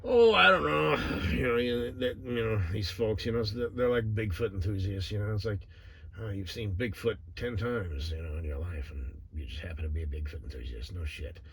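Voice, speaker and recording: A man's voice: on the low side, normal speed, creaky, fairly bright tone, slight background noise. A man vlogging in a casual, rambling monologue, cursing freely and padding his talk with "you know" and sighs. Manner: meandering, profane, full of "you know" fillers and sighs.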